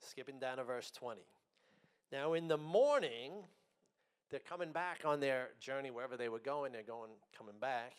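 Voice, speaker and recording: A man preaching a sermon. He speaks emphatically, slows on key words, and swings between loud and soft. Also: medium pitch, smooth.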